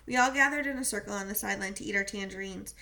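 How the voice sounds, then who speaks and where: A woman's voice: mid-range voice, very fast, sharp tone. A woman reading a novel aloud, telling the story steadily in the first person. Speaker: reader.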